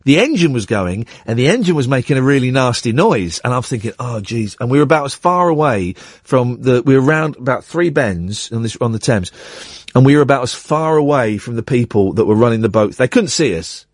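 A middle-aged man hosting a radio show, telling an anecdote with lively acted-out quotes. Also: medium pitch, brisk, no room sound, clean studio sound. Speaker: radio host.

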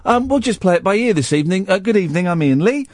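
A man's voice: sits high, animated, no room sound, studio quality. A man hosting a late-night phone-in radio show, talking casually with many restarts and nursing a sore throat from a cold. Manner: rambling, halting, many restarts. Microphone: studio microphone.

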